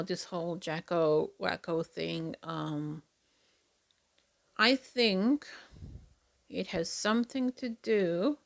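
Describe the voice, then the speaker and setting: A woman hosting a solo reaction podcast, talking in an earnest, chatty way with fillers and soft asides. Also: fairly low pitch, gravelly. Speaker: podcast host.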